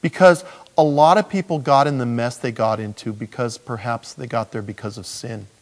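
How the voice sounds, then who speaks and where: A man preaching as a pastor, telling personal stories in an animated way. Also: medium pitch, normal speed. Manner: animated storyteller. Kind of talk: sermon with personal storytelling.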